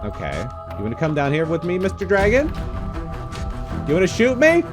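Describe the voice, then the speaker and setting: A man commentating his own video game playthrough with excitable, joking reactions and frequent laughs. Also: sits high, normal speed, over music. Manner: excitable, jokey, yelps and laughs. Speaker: gaming YouTuber. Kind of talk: Let's Play commentary.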